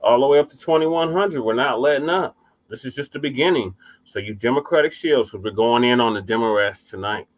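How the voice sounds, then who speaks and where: A man's voice: medium pitch, a little fast, low-quality recording. A man from Colorado co-hosting a casual political talk show, making declarative, rallying calls to action. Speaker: co-host.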